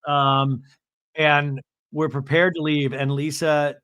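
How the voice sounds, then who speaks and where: Male podcast host, chatty and wry, slightly higher voice, dry close sound. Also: level tone, takes it slowly, fairly bright tone, smooth, dry recording. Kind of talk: casual recap commentary.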